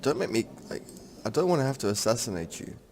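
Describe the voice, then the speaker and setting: A man does casual let's-play commentary on a strategy game, thinking aloud in a rambling, frank manner. His mid-range, slightly mellow voice moves fast with big swings in pitch.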